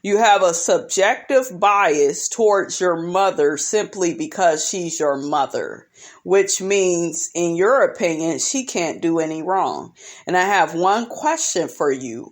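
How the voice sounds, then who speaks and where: A woman's voice: lowish voice, lively intonation, a little slow. A woman giving a blunt, brash and profane commentary on a reality TV episode, often breaking into laughter. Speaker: reality show recap vlogger.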